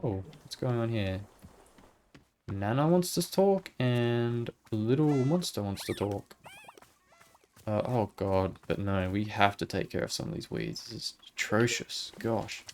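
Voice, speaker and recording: A man's voice: fairly low pitch, unhurried, slight background noise. A man giving casual, muttering running commentary as he plays a video game. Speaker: gaming video host. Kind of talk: casual let's-play commentary.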